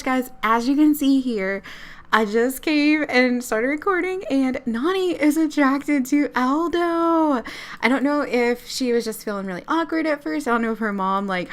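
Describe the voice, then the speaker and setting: Giggly young woman narrating gameplay. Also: a little high. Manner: giggly, chatty. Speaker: let's play YouTuber. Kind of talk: casual gameplay commentary.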